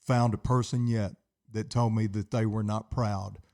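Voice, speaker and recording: Earnest older man, warm voice. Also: on the low side, fairly even intonation, moderate pace. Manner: earnest, heartfelt storytelling. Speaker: interview guest, Army veteran. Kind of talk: interview.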